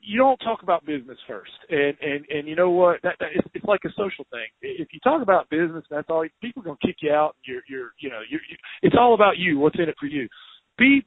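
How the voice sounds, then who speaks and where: A Southern man hosts a casual podcast chat and laughs often. His voice sits fairly high. The sound is dry and narrow, like a phone call. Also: sing-song, fast, gravelly, no room sound. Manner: chatty, laughs often, many restarts. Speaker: podcast host, home inspector.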